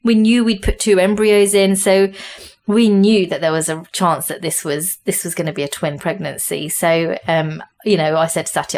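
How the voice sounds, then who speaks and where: A woman with a British accent, a podcast guest telling a personal story in animated conversation, with quick restarts and frequent laughter. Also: lowish voice.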